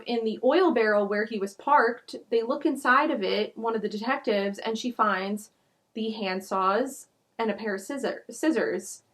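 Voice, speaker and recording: Chatty woman telling a true crime story. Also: mid-range voice. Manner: chatty, heavy use of "like", indignant asides. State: out of breath. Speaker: true crime podcast host.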